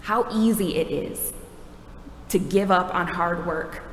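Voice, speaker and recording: A woman's voice: on the low side, slight background noise. A woman preaching a sermon in a conversational, wry, self-deprecating way. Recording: echoey hall from a distance.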